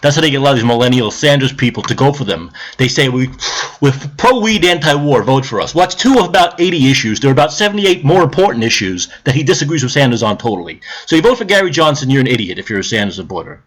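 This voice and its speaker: Talking fast in a mid-range voice, this man rants profanely about politics straight to camera, scolding and lecturing his audience. He's a political vlogger who eventually settles into calmer, grumbling explanation.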